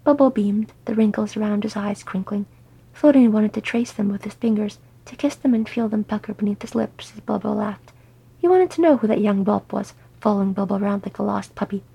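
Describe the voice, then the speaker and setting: A woman narrating a story aloud in soft, unhurried reading. Her voice is gravelly and deeply husky, with a mellow tone. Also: poor audio. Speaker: audiobook reader. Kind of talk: reading fan fiction aloud.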